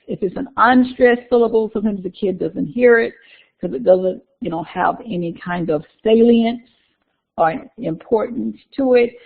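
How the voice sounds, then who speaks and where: Woman instructor, casual lecture delivery, gravelly voice, tinny phone-quality recording. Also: lowish voice. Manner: conversational, repeats key terms, talks through slides.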